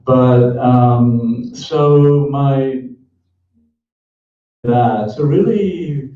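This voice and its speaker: A middle-aged man, speaking as an author in a reflective interview, frank and thoughtful with many pauses and restarts. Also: mid-range voice. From England. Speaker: author and columnist. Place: event hall before an audience. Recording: echoey, distant, dull event recording.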